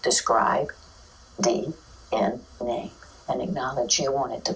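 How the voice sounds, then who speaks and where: Brief: deep-voiced woman educator, chatty talk recorded from across the room. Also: slow, long pauses, distant mic, slight background noise, poor audio. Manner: lively, acts out children's and teachers' voices. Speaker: early childhood educator giving a talk. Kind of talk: informal teaching talk.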